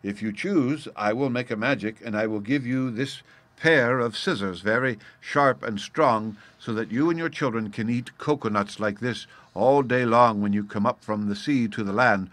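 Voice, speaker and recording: A calm little girl who offers gifts gently, voiced by a male reader without much change. Soft and even, recorded dry. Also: medium pitch, moderate pace, dry recording, lightly acted. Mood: gentle.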